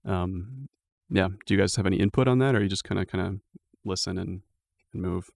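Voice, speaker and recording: A man running a tabletop game as game master, narrating in a relaxed, loose way with lots of fillers. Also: sits low, brisk, vocal fry, no echo.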